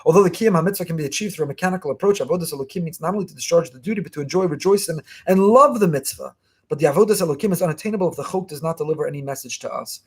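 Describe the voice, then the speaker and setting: A man giving a fast, emphatic Torah lesson as a rabbi, repeating key phrases. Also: a little high, slightly rough. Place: online class.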